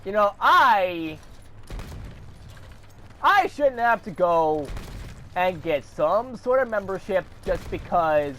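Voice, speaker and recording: A man's voice: high-pitched, very animated, slow pace, long pauses, fairly bright tone, slight background noise. A man delivering a heated, profane rant to camera, swearing often and throwing in sarcastic asides. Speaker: vlogger.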